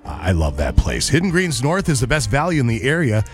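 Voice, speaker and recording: A man's voice: medium pitch, wildly swooping pitch, a little fast, soft background music. A man hosting a morning radio show, chatty and wry, reading ads and news. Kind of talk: casual radio banter and live reads.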